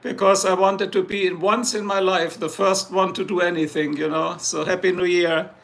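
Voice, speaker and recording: A man's voice: high voice, level tone, normal speed, gravelly, fairly bright tone, slight background noise. A man chatting casually on a live stream, boastful and joking, rambling from one thing to the next. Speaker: livestreamer.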